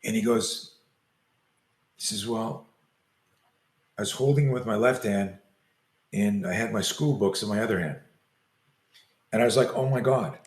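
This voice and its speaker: A man's voice: on the low side, measured pace, pauses often. An older man, a self-defense coach, tells a long story in an interview and acts out the quoted lines as he goes. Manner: animated storyteller acting out quoted dialogue. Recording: roomy echo.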